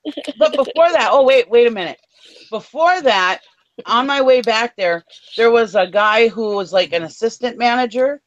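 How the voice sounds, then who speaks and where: A woman's voice: on the high side, lively intonation, normal speed, a little hiss or hum, poor audio. A woman co-hosting a casual show, telling an angry story with blunt swearing. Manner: fired-up storytelling, swears freely. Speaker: co-host. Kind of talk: casual chat.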